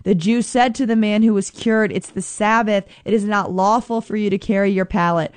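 A young woman reads scripture aloud and then teaches on it in a warm-hearted, conversational way. Her voice sits in a middle range, and she slows down on the points she wants to stress. The recording is close and dry, with no room sound. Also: mid-range voice, fairly even intonation, smooth, no room sound. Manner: earnest, conversational, slows for emphasis, acts out quoted voices. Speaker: Bible teacher. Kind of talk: Bible reading and devotional teaching.

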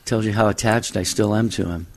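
A man co-hosting a call-in radio show, speaking earnestly and gently. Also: on the low side, fairly even intonation, fairly quick.

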